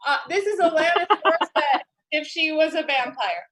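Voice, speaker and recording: A woman's voice: sits high, lively intonation, moderate pace, a bit bright. A woman comedian doing a giggly, self-deprecating stand-up set over a video call.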